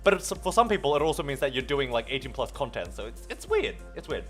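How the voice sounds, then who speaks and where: An Australian man streaming, chatting casually with his viewers in an animated, playful way and swearing often. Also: medium pitch, quick pace, soft background music. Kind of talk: casual livestream chat with viewers.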